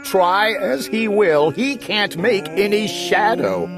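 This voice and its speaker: A man's voice: sits high, animated, slow pace, over music. A man reading a rhyming children's book aloud in a playful, sing-song storytelling manner. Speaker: storybook reader.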